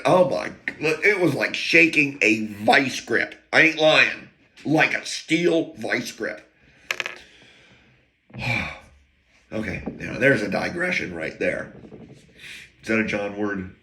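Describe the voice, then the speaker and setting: A man spinning a casual, meandering story in a bright, forceful voice, his pitch leaping about as he goes. He chuckles between lines, wanders off into asides and mutters to himself before picking the thread back up. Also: slight background noise. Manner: rambling and digressive, laughs between lines, talks to himself aloud. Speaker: podcast host telling stories.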